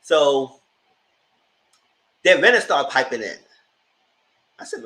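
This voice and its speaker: A man hosting a live TV review, giving sassy, animated commentary straight to his viewers. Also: fairly high pitch, takes it slowly, pauses often, rough recording. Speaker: TV review host.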